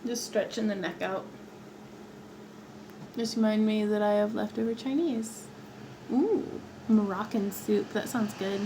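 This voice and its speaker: A woman's voice: a little high, a little slow, long pauses, background noise. A woman hosting a craft livestream from her home workspace, chatting playfully and laughing often as she works. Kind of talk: chatty livestream while working.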